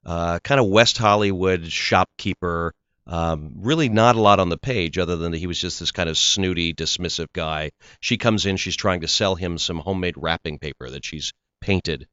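Man, very low voice, dry close sound, slightly dull lo-fi audio, rambling interview guest. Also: fairly bright tone, smooth, no room sound. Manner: rambling storyteller, restarts often. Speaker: actor guest. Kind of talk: casual interview chat.

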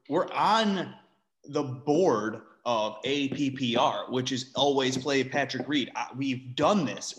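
A man co-hosting a casual sports podcast, ranting in an animated, exasperated way, with sarcastic asides and free swearing. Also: medium pitch. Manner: swears freely. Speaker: podcast co-host.

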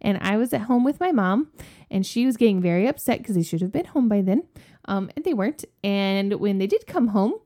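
A woman's voice: medium pitch, fairly quick. A woman cohosting a podcast, telling a family story in a casual chat and acting out the people in it. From West Virginia. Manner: lively storyteller, acts out quoted voices.

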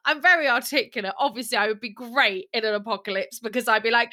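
A woman's voice: on the high side, brisk, pushed and bright. A young woman chatting casually on a podcast, candid and sweary, often laughing. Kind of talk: casual chat.

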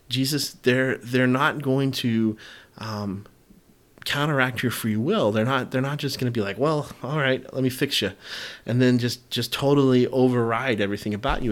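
A man pastor preaching a conversational sermon, often restarting his phrases and acting out biblical figures in casual voices. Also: mid-range voice. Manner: conversational, many restarts and fillers.

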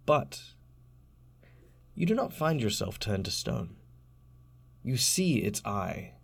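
A man narrating a tabletop game as game master, describing scenes in detail, laughing often and slowing down for dramatic moments. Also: lowish voice, vocal fry, slightly rough.

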